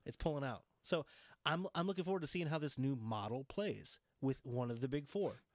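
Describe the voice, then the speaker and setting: A man co-hosting a podcast in casual, animated chat, joking and acting out what others said. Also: mid-range voice, normal speed, no room sound, studio quality. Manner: animated, jokey, slips into quoted voices. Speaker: podcast co-host.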